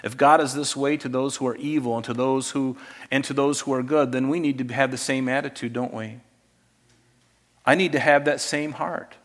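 Animated male pastor preaching. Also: mid-range voice, a little fast. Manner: animated, shifts between loud emphasis and soft asides. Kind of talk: sermon.

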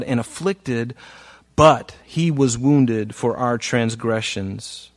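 A man preaching a sermon, reading scripture aloud and commenting on it, moving between soft asides and loud, emphatic phrases. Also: mid-range voice, slow, no room sound, studio quality. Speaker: pastor.

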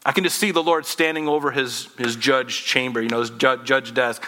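A man's voice: medium pitch, fairly even intonation, a little fast, few pauses, pushed and bright, long reverb tail. A man in his forties preaching a sermon in a conversational, humorous way, acting out little dialogues. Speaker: pastor.

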